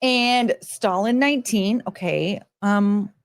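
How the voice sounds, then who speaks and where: A woman in her forties chatting casually on a livestream, rambling and excitable, swearing freely, with sudden loud outbursts. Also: mid-range voice, takes it slowly. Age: 40s. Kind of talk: casual livestream chat reading viewer messages.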